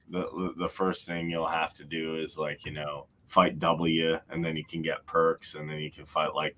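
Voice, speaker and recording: A man's voice: extremely low pitch, bright, forceful tone. A man from the United States co-hosting a casual talk show, giving opinions with many fillers and hedges. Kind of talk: casual chat.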